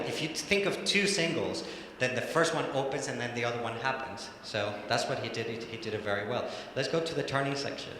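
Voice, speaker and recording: A man speaking English as a second language coaches ballet dancers, cheering them on and scatting the rhythm of each step. His voice is bright and carries some edge. The room is a large, ringing hall with a faint hiss underneath. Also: mid-range voice. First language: Spanish. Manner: encouraging, counts and scats rhythms. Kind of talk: live coaching in a studio. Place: large echoey studio hall. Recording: echoey hall, faint noise.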